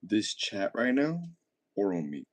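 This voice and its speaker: A man's voice: fairly low pitch, sing-song, a little slow. A young man chatting casually as a streamer, reading chat aloud, laid-back and rambling, cursing often.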